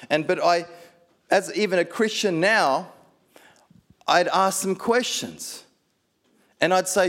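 A man's voice: a little high, fairly bright tone. A man preaching a sermon, telling personal stories with playful asides and building to fervent exhortation.

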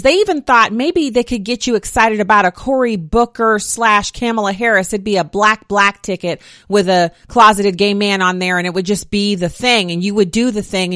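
A woman's voice: medium pitch, a bit bright, no echo, studio quality. Snarky chatty woman podcast host. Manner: chatty, opinionated, snarky asides. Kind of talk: political commentary podcast.

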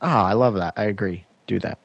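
A man's voice: fairly low pitch, brisk, gravelly, husky, no room sound, highs cut off. A man hosting a casual podcast chat about synthesizers in a laid-back way, laughing often and restarting his phrases. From Washington state. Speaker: podcast host.

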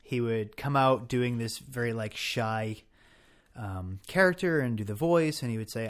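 Man musing at a mid pitch. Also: a little slow. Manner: thoughtful, restarts sentences often. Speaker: podcast co-host. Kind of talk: casual discussion.

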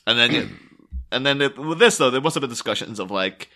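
A man's voice: medium pitch, animated, brisk, vocal fry, pushed and bright. An Irish man co-hosting a podcast, talking casually and animatedly with frequent laughter. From Ireland. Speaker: podcast co-host. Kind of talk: casual chat.

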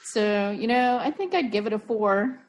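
A woman's voice: a little high, animated, normal speed. A woman in a casual podcast chat, talking with playful enthusiasm. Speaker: podcast co-host.

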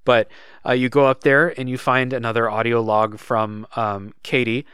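A man talks casually about a story game he played, looping back with fillers as he thinks. His voice is smooth and resonant. The sound is dry and close, with no room around it. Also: medium pitch, moderate pace, dry recording. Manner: relaxed, thinks aloud with many fillers. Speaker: podcast co-host. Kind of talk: casual chat.

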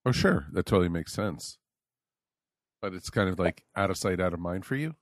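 A man's voice: low-pitched, expressive, normal speed, dry recording, clean studio sound. A man hosting a casual interview, upbeat and encouraging with his guest. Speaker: podcast host.

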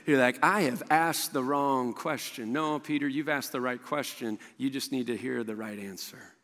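A man preaching a sermon, animated, often acting out what the people in the story say. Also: high-pitched. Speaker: pastor. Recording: reverberant hall.

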